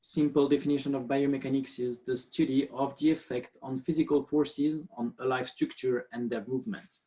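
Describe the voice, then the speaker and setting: A man's voice: medium pitch, steady tone, normal speed, mellow. A man from France with a French accent, a biomechanist presenting on a webinar over a video call, friendly and thorough with many fillers. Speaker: guest biomechanist.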